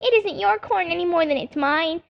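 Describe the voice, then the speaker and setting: Screechy high angry jay bird, put on by a lady reading a storybook, muffled lo-fi sound. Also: normal speed, gravelly. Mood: furious. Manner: shrill, screaming. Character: angry screaming male blue jay bird. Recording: dull lo-fi audiobook recording.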